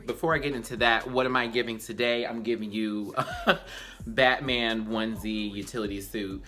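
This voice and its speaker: A young man casually reviewing a show on his channel, chatty and slangy, tired and late at night, often jumping to high exclamations. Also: fairly even intonation, normal speed, pushed and bright, faint music behind. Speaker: YouTube reviewer.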